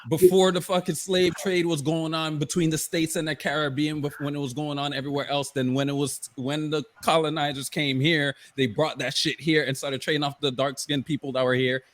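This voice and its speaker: A man's voice: a little high, fairly even intonation, fairly quick, few pauses, no echo. A man co-hosting a casual podcast, ranting heatedly and swearing often. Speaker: podcast co-host.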